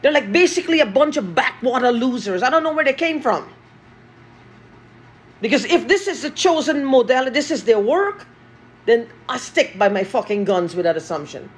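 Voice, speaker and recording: Husky, agitated woman. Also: fairly high pitch, lively intonation, normal speed. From Guyana. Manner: agitated, profane, repeating herself. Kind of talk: angry monologue vlog.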